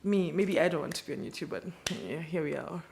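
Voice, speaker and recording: A woman's voice: fairly low pitch, fast talker, gravelly, noisy background. Chatty Kenyan woman reviewing books. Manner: chatty, playful, slangy asides. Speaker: book channel host. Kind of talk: casual book wrap-up video.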